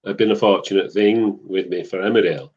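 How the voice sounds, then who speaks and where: Man, middle-aged, from Manchester, low voice, rambling casual chat, dull lo-fi sound. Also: fairly quick, husky. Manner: rambling, chuckling, warm anecdotal. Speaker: soap actor guest. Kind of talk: casual chat on a web show.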